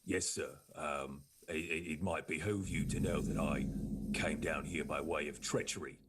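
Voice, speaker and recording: A man's voice: extremely low pitch, steady tone, moderate pace, heavy background noise, pitched below the performer's own voice. A man voicing a stiff, dutiful male soldier with a mechanical arm in a tabletop role-play, speaking in a formal, deferential, clipped way.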